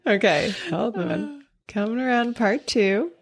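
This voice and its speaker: High, lively, slow-talking woman podcast host. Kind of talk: casual podcast chat.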